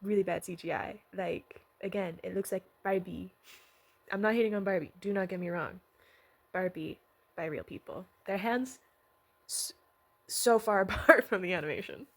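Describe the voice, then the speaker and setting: Rambling, excitable woman vlogger. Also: medium pitch, normal speed, pauses often. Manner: rambling, excitable, swears and laughs. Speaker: vlogger recapping a miniseries. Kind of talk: casual rambling recap.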